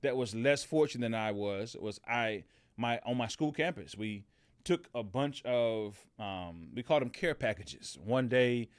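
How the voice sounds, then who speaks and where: A middle-aged podcast host tells a story on his motivational show, speaking casually with many fillers and restarts. His mid-range voice has lively intonation and an unhurried pace, and the recording is dry.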